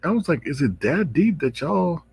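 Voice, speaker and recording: A man with a gravelly, slightly husky voice hosts his own commentary channel. He talks casually and reacts to gossip with stretched-out exclamations. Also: on the high side, very animated, moderate pace, a little mellow, no echo. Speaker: drama commentary channel host.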